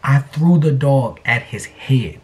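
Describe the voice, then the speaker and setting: A young man vlogging, telling a story in a casual, animated, slangy way full of repetition. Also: mid-range voice, takes it slowly.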